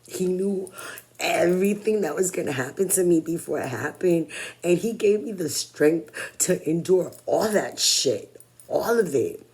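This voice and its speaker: A woman's voice: fairly low pitch, lively intonation, moderate pace, gravelly, darkish tone, husky. A woman in her forties talking in a personal vlog monologue, blunt and candid, swearing freely. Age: 40s. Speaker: vlogger.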